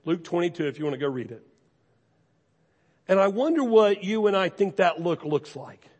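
Earnest preacher in a reverberant hall. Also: male voice, high-pitched, expressive, moderate pace, darkish tone, slightly rough. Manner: earnest, conversational exhortation with repeated phrases. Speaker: pastor. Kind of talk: sermon. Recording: long reverb from a large hall.

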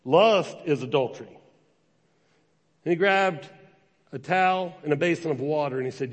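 A man's voice: a little high, moderate pace, long pauses. A man in his forties preaching a sermon, telling a personal story conversationally and acting out the voices in it. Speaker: pastor. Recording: long reverb of a large hall.

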